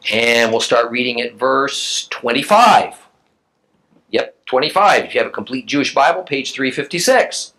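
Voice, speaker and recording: A man's voice: mid-range voice, expressive, moderate pace, bright, forceful tone, rough recording. A man teaching a recorded Bible class who reads scripture aloud and explains it emphatically to his listeners.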